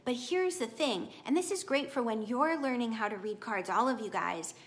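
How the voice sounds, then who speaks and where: A middle-aged woman does a casual live tarot reading for her viewers. Her voice is fairly high and moves at a moderate pace, and she comes across warm, chatty and encouraging, animated and laughing often.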